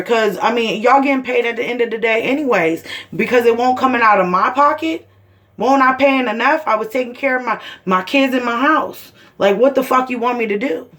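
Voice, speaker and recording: A woman's voice: a little high, fairly bright tone. A mother of seven ranting to the camera in a heated, blunt way, swearing constantly. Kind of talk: angry personal video rant.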